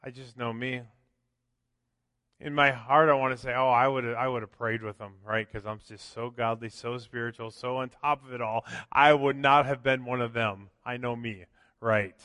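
A man's voice: medium pitch, steady tone, normal speed, sharp tone, no room sound, clean studio sound, long reverb tail. A man preaching a sermon as pastor, conversational, often tossing in "right?" and acting out quotes. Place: church sanctuary.

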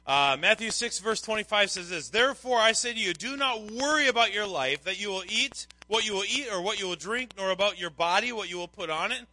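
A man's voice: high-pitched, fairly quick, few pauses, pushed and bright, rough recording. A man preaching a conversational sermon to a congregation, reading scripture aloud in between. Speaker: pastor.

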